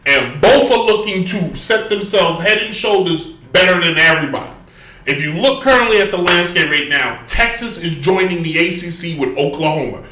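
A man's voice: high voice, lively intonation, normal speed, bright, forceful tone. A man hosting a sports talk show, ranting with emphatic asides and rambling restarts. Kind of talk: opinionated sports rant. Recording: echoey room.

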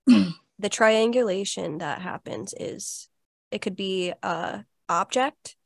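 A woman's voice: mid-range voice, slow, vocal fry, dry recording. Chatty young woman host, dry close sound. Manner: chatty, lots of "like" fillers, personal storytelling. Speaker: podcast host. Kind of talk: casual conversational interview.

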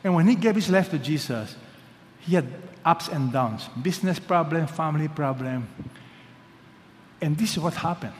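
A man preaching in a big church hall, his voice ringing with a long echo. He speaks in a fairly high register and stresses his words, going from loud calls down to hushed lines. He asks the congregation to answer him back. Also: expressive, moderate pace, a little hiss or hum. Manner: emphatic, swings between loud calls and hushed lines, prompts the congregation to respond. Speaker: pastor. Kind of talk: sermon. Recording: long reverb of a large hall.

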